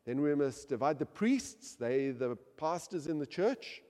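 A passionate male preacher with a lively, swooping voice that climbs into near-shouts and drops to hushed asides. His slightly higher voice rings out with a long hall reverb. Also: unhurried. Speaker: pastor. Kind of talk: sermon.

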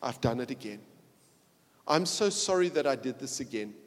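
A man preaching a sermon, telling a story dramatically and swinging between hushed passages and loud ones. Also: mid-range voice, expressive, normal speed. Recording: long reverb of a large hall.

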